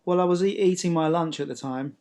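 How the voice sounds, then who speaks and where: A man's voice: fairly high pitch, quick pace, a little mellow. A man calling into a debate, hesitant and conciliatory, often stumbling over his words. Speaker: caller. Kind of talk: casual debate call.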